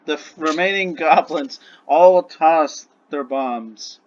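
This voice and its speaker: A man's voice: on the high side, slow, dry recording, dull audio. A man narrating a tabletop game as game master, rambling and correcting himself as he goes.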